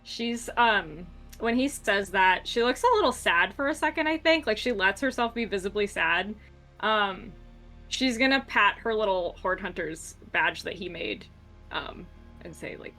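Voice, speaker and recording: A woman's voice: medium pitch, expressive, measured pace, pushed and bright, faint music behind. A woman player in a tabletop game, describing her character's actions in a chatty way with many fillers.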